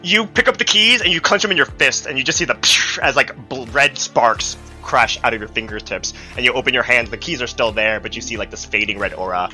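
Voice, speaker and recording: A man narrates a tabletop game as its game master, his voice sharp and very bright. He talks loosely, with plenty of fillers and casual swearing. Light music plays faintly behind him. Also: medium pitch, lively intonation, brisk, hardly any pauses.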